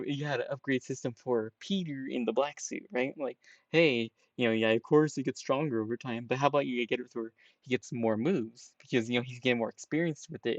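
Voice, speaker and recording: In a mid-range voice on a muffled recording with no echo, a trailer reviewer rambles through casual reaction commentary on a game trailer, sprinkling in "you know" and "right?".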